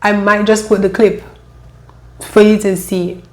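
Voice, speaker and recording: A woman telling her own life story, emotional and halting, often repeating her phrases. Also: mid-range voice, flat delivery. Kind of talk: personal storytelling.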